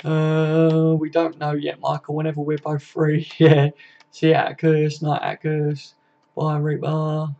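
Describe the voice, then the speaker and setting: A man's voice: on the high side, monotone, measured pace, mellow, lo-fi sound. A young man hosting a casual live stream, reading viewer comments aloud in a chatty, laddish way and swearing freely.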